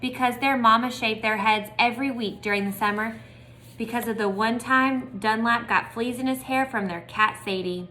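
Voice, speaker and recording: Bright woman reading a storybook aloud. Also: fairly high pitch, steady tone, moderate pace, a little hiss or hum. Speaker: storybook reader. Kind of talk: casual read-aloud storytelling.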